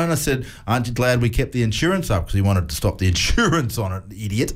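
A man's voice: medium pitch, brisk. An Australian man in his forties, co-hosting a casual radio show and telling stories with frequent laughs. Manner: storytelling, laughs often, animated retelling. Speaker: radio co-host. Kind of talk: casual breakfast radio chat.

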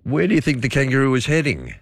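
A man's voice: mid-range voice, wildly swooping pitch, quick pace, no room sound. A man with an Australian accent hosting a talkback radio show, jovial and chatty, laughing often and repeating himself as he takes calls. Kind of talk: casual talkback radio chat.

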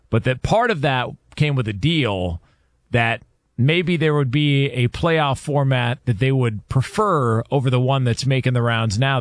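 A man hosting a sports radio talk show, brisk and conversational, reading ad copy and setting up topics at a studio mic. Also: medium pitch, no echo. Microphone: studio microphone.

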